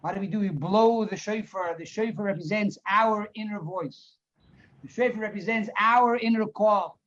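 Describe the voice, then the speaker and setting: A male rabbi teaches a Torah class on a Hasidic discourse in a storytelling style, reading Hebrew phrases and then translating and elaborating on them line by line. His voice is high and fairly bright at a moderate pace, and he repeats words for emphasis. The recording is dull, muffled, and lo-fi.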